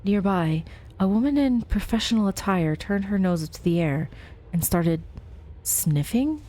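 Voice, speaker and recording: A woman's voice: medium pitch, animated, a little slow, mellow. A young woman playing a story game, reading its text aloud with chatty, giggly asides. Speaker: let's play host.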